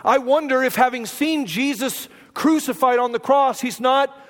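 High-voiced male pastor in a reverberant hall. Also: moderate pace, fairly bright tone. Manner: conversational storyteller, asks the audience rhetorical questions. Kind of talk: sermon.

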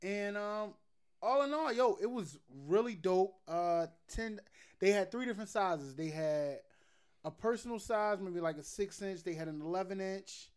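A man's voice: high voice, normal speed, clean tone. A man co-hosting a casual chat, laid-back and slangy, swearing casually. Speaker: podcast co-host.

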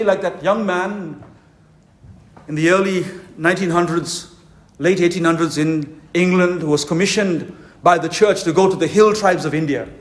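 A male pastor with a fairly high voice delivers a fervent sermon at a conference. He leans hard on slow, emphatic phrases. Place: conference hall.

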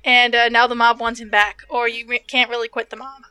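A woman jumps into a tabletop game with quick, directive remarks. Her voice is high, bright and smooth, and it sounds dry and close to the mic. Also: flat delivery, dry recording. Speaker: player. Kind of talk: casual tabletop play.

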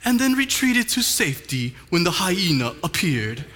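A man putting on a mock-British male nature documentary narrator, with a hushed, lilting, dramatic storytelling manner, in an echoey hall. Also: high voice, sing-song, normal speed, voice pushed up, exaggerated voice. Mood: awed.

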